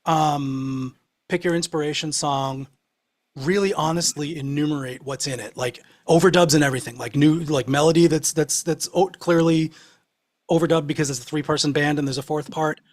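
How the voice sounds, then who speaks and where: A man talks through his songwriting process in an easygoing, meandering way. His voice sits a bit high for a man. He circles back with ums and half-started phrases. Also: fairly even intonation, moderate pace. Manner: rambling, with frequent ums and restarts. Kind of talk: casual chat about songwriting.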